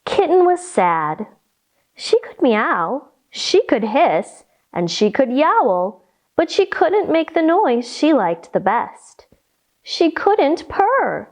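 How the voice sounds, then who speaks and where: A woman leads a children's yoga storytime, reading a picture book and guiding poses. Her voice sits high and swings widely in pitch, playful and instructive. She speaks slowly and gently, giving the children time to follow. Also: sing-song.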